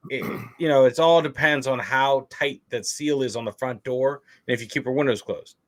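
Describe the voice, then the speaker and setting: A man's voice: medium pitch, moderate pace. Casual male co-host, full of fillers. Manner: casual, explaining with many fillers. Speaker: podcast co-host. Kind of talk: casual chat.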